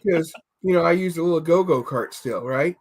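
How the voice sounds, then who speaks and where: A man's voice: fairly high pitch, a little fast, a little hiss or hum. A man on a casual streamed podcast chat, telling rambling comic stories and stumbling over repeated words. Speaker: podcast co-host.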